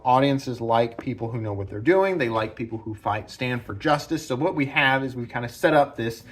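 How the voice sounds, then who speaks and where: A man casually analyzing a film's characters at home, rambling with many fillers and restarts. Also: medium pitch. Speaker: film analysis host. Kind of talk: casual spoken film breakdown. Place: home room with branches hitting the roof.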